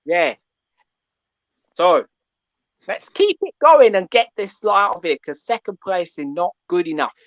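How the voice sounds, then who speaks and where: A man's voice: high voice, big pitch swings, a little slow, long pauses, dry recording. Guy ranting down the line, preachy, keeps going "yeah?", sound's a bit muffled, dry. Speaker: caller. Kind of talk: call-in fan rant.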